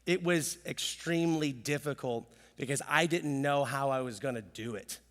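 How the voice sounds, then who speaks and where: A man in his thirties preaching a casual, animated sermon as pastor, telling self-deprecating stories with jokes. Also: mid-range voice, moderate pace, long reverb tail. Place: church sanctuary.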